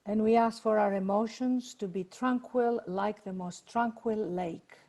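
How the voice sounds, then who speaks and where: A woman leading a guided meditation and prayer over a video call, speaking in a slow, soothing way. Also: medium pitch, steady tone, dark tone. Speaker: workshop leader.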